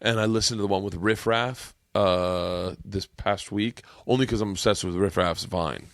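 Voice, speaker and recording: A man's voice: fairly low pitch, moderate pace, dry recording, clean studio sound. A man in his thirties hosting a casual podcast, rambling and swearing as he tells stories. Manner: rambling, swearing, lively storytelling. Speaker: podcast host. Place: home man cave.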